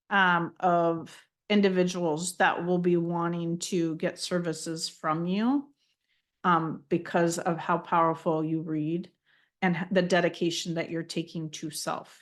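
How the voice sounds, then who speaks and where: A woman with a lowish voice gives a live channeled spiritual reading. She's gentle and affirming, frequently repeating phrases as she relays messages.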